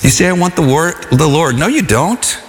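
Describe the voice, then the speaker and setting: A man's voice: a little high, big pitch swings. Earnest man preaching in a reverberant hall. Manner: earnest, conversational, with shouted cries and halting restarts. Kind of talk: sermon.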